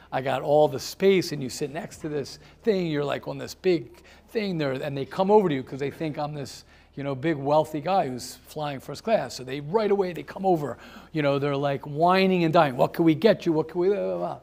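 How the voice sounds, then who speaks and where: A man's voice: on the high side, creaky. A man, a rabbi, giving a motivational talk to a small group, telling stories and calling on listeners by name. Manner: animated storyteller who addresses listeners by name; repeats words for emphasis. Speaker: rabbi leading a seminar.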